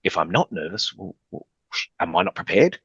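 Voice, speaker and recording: A man's voice: sits low, big pitch swings, a little fast, a bit bright, husky, no room sound, dull audio. An Australian man, a former basketball player turned commentator, talking at length as a podcast guest and telling rambling stories. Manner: rambling, talkative storyteller. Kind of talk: casual podcast interview.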